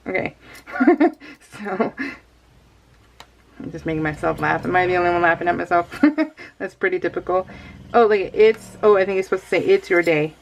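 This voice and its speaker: Giggly woman unboxing craft stuff, rambly and chatty, bit of vocal fry. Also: on the low side, moderate pace, long pauses, a little hiss or hum. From California. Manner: chatty, giggly, talks to herself. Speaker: crafting vlogger. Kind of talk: casual unboxing chat.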